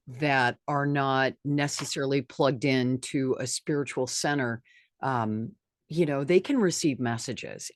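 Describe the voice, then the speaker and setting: A woman's voice: sits low, dry recording, clean studio sound. A woman hosting an interview, asking questions and giving supportive reactions. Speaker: podcast host.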